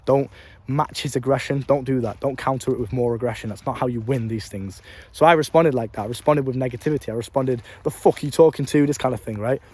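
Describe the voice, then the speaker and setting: A man's voice: mid-range voice, fast, darkish tone. A young English man, telling a story and giving advice in a blunt, profane way, recorded on a phone. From England. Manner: blunt, profane, emphatic with street slang. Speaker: vlogger.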